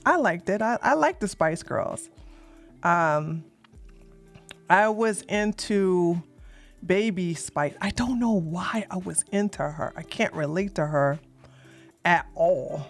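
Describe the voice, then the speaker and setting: This livestream host has a lowish, expressive voice and takes her time, with faint music playing behind. She rambles, flustered, while fixing her setup on the casual stream, talking to her chat in a blunt, sassy manner with mild cursing.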